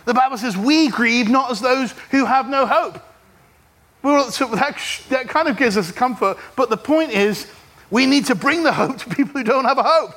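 A middle-aged man preaches to his congregation in a high, bright voice. He is animated and humorous and pulls the room into call-and-response. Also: normal speed. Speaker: pastor. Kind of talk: sermon. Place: church service.

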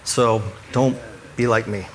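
A man's voice: mid-range voice, fairly even intonation, takes it slowly, slight background noise. A man who works with churches, giving earnest, conversational faith advice and chuckling at himself now and then. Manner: earnest, self-deprecating, chuckles at his own stories. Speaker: church ministry worker.

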